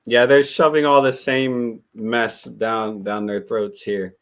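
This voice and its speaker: A man's voice: mid-range voice, steady tone, slow pace, a bit bright. A man co-hosting a casual talk show, chiming in with brief dry asides. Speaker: co-host. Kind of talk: casual chat.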